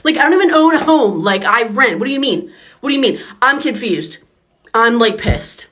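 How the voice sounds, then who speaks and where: A woman's voice: a little high, expressive, moderate pace, fairly bright tone. A young adult woman in a ranting social media clip, indignant and asking the same question over and over.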